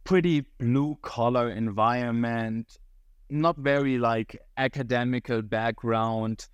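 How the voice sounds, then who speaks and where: A man in his thirties with a German accent and a touch of Cork Irish, speaking as a podcast guest in a relaxed, reflective way with slightly non-native phrasing. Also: medium pitch, takes it slowly, smooth, dry recording, lo-fi sound. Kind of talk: casual interview talk.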